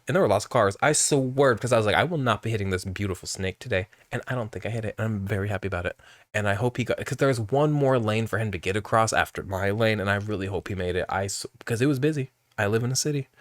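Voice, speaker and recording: A man's voice: on the low side, no room sound, clean studio sound. A man casually commentating a video game, telling rambling, profane stories between scenes. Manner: rambling, profane, animated storytelling. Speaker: let's play gamer.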